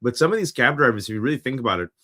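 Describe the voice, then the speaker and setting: A man's voice: mid-range voice, animated, rapid-fire, sharp tone. A man co-hosting a political talk show, speaking conversationally and thinking aloud. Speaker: co-host. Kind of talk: casual political chat.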